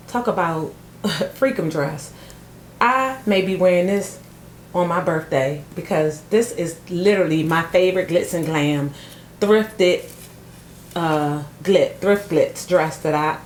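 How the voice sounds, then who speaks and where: A middle-aged woman chatting casually to camera about thrift finds, telling stories with animated energy and calling her viewers y'all. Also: mid-range voice. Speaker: thrift vlogger. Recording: echoey room with faint noise.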